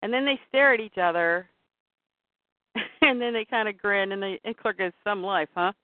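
A woman's voice: mid-range voice, moderate pace, no echo. A woman casually retelling a comic book issue scene by scene and slipping into the characters' lines as she goes. Her voice comes through thin and phone-like, with a dry, close sound.

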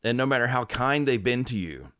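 A man's voice: medium pitch, lively intonation, brisk, bright, forceful tone, clear, resonant tone, dry recording, studio quality. A man co-hosting a casual podcast discussion, talking conversationally with fillers and hedges. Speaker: podcast co-host.

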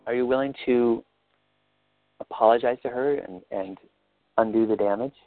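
Gravelly-voiced man coaching gently over a call. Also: mid-range voice, steady tone, normal speed, no echo, phone-quality sound. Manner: gentle, probing questions. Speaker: life coach leading a session. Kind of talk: guided coaching session.

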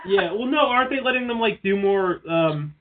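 A man's voice: high voice, expressive, moderate pace, crowd noise. A man co-hosting a casual podcast chat, rambling and profane with mocking asides. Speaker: podcast co-host. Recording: tinny phone-like line.

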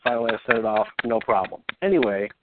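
A man's voice: on the low side, animated, quick pace, noisy background. A man hosting a casual talk show, rambling through a long story and acting out both sides of the conversations. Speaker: podcast host and artist. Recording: tinny phone-like dry sound.

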